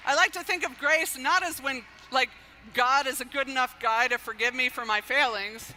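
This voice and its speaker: A woman giving an earnest inspirational speech, measured and softly emphatic. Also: sits high, a little hiss or hum. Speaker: speaker giving an inspirational talk.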